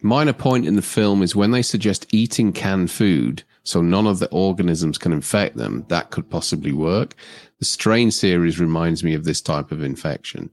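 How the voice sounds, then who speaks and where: A man's voice: sits low, normal speed, darkish tone, dry recording. A man hosting a casual watchalong, chatting animatedly about a film with frequent restarts. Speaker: host.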